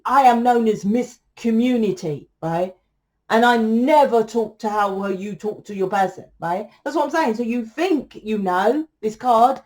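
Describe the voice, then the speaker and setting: A woman's voice: fairly high pitch, a little mellow. A woman giving a casual tarot reading, blunt and lecturing, swearing freely as she talks to her viewers. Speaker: tarot reader.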